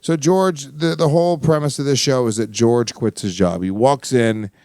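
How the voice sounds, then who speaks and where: A man's voice: medium pitch, moderate pace, darkish tone, no room sound. Casting: male podcast host, crude and teasing, dry close sound. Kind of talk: casual chat.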